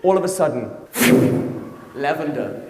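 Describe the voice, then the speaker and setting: Amid heavy background noise and audience laughter, a man performs stand-up on stage in a large, echoey hall, animatedly telling stories with playful asides. His voice is on the high side, and he takes it slowly.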